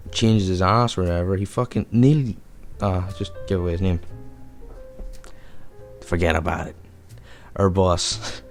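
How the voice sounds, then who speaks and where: Young guy with a really deep voice, swearing loads while he tells a story on his podcast. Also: gravelly. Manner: profane, rambling, animated anecdote. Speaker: podcast host. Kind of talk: casual storytelling.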